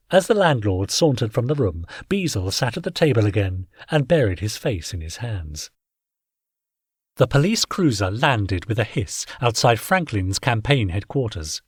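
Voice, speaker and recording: Male audiobook reader; husky, animated, dry close-mic sound. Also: on the low side, moderate pace, dry recording. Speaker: audiobook narrator. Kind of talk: scripted narration.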